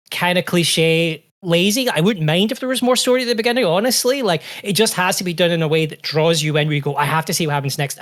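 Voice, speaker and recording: A man's voice: high voice, fairly bright tone. A man with a Scottish accent, talking as a podcast guest in an opinionated, run-on way with many restarts. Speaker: guest game designer. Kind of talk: casual podcast chat.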